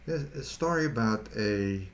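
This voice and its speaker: A man, a pastor, giving a storytelling sermon in a halting, conversational way, often repeating words. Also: fairly low pitch, animated.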